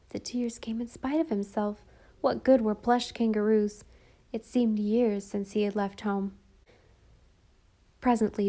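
A woman's voice: medium pitch, mellow. A woman narrating a children's story as an audiobook reader, shifting lightly between the children's voices.

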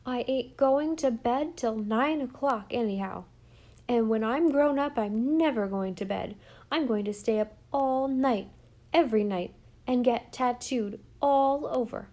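A sulky, defiant young boy from a storybook, as a woman reading aloud puts him on. He protests indignantly in a raised, loud voice. The tone stays mellow and dark. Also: a little slow. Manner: indignant, shouting, higher and louder.

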